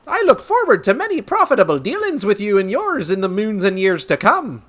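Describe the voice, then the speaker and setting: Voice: wildly swooping pitch, measured pace. A streamer voicing a boastful older male merchant in a video game, with a folksy old-timey way of talking. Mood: hearty, boastful. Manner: loud and hearty, swooping high.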